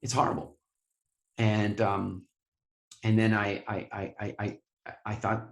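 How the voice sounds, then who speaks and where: A man telling a self-mocking business story in an animated way, often repeating words. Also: fairly low pitch, slow, roomy sound. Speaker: guest, business owner. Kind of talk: storytelling interview.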